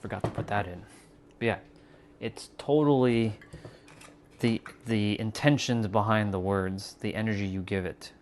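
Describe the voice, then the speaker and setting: A man with a fairly low voice chats to his live viewers from his home kitchen. He muses loosely on spiritual ideas, with plenty of fillers and restarts, while faint clatter of cutlery sounds behind him. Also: measured pace, slight background noise. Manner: relaxed, musing, with fillers and restarts, talking while cooking. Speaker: livestream host. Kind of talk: casual spiritual talk to live chat.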